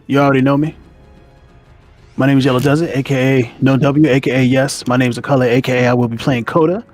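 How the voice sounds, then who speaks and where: A man's voice: mid-range voice, steady tone, fast, faint music behind. A man playing in a tabletop game, bantering in a brash, teasing way. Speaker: player.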